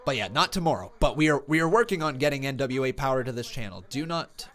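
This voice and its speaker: A man hosting a casual live reaction stream. He chats with viewers and bursts into excited play-by-play shouts, and a sore tongue slightly alters his speech. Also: mid-range voice, quick pace.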